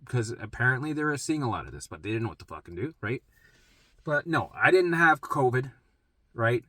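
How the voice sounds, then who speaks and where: A man tells his own story in a loose, rambling way, with heavy swearing and lots of emphasis. His voice is bright and forceful, at a middle pitch. The recording is dry and close. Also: sing-song, a little fast, no echo. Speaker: vlogger sharing a health journey. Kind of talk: casual personal storytelling.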